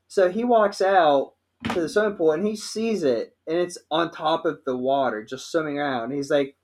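A man's voice: a little high, moderate pace. Blunt, cussing male podcast guest. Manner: blunt, swearing storyteller. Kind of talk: casual podcast chat.

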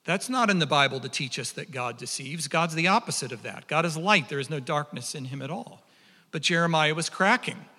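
Bright, impassioned male preacher in a hall. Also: a little high, brisk. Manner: impassioned, animated, repeats words when building up. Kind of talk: sermon.

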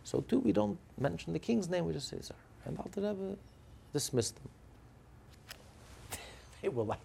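A man's voice: sits high, moderate pace, creaky, pauses often, a little hiss or hum. A man teaching a religious lesson through a story, narrating with energy and acting out what the characters say. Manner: animated, acts out the characters' lines.

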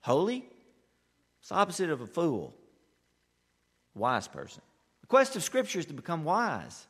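A male pastor preaching with a lively, swooping delivery and a bright, forceful tone. He pushes key lines up hard, then drops into hushed asides. The sound rings with a long reverb, as if heard in a large church hall. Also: a little high. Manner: emphatic preaching that swings between loud, rising bursts and quiet asides. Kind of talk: sermon.

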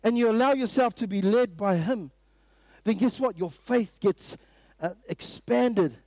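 Preaching an emphatic sermon at a morning prayer meeting, a man with a New Zealand accent keeps repeating rhetorical questions and sometimes bursts out loudly. His voice is high-pitched and unhurried, with no room sound.

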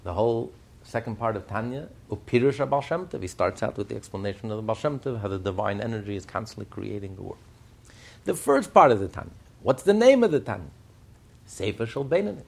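A Torah teacher gives a Chassidic lesson in a mid-range, gravelly voice that is a little mellow with a breathy edge. He fires off rhetorical questions and tells stories as he teaches.

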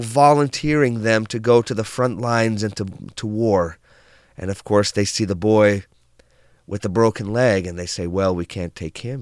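A man telling parables in a calm, reflective way, with unhurried, drawn-out phrasing and soft endings. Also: on the low side, smooth, dry recording, studio quality. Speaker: storyteller.

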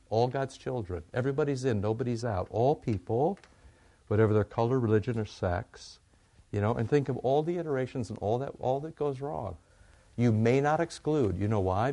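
A man's voice: medium pitch, fairly quick, gravelly, mellow. A man preaching a sermon in a conversational way, often asking questions and answering them himself.

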